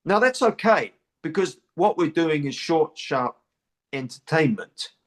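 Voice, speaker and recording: A man's voice: a little high, animated, a little slow. Man chatting with repeated restarts. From New Zealand. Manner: repeats words and restarts, many "you know". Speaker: actor being interviewed. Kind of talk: casual interview chat.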